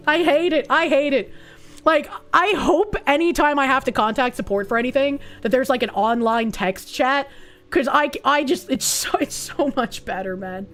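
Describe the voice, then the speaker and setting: A woman's voice: sits high, expressive, moderate pace, a bit bright. A young woman streamer chatting casually with her viewers in a blunt, sarcastic way, with a lot of swearing. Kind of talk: casual chat reacting to chat messages.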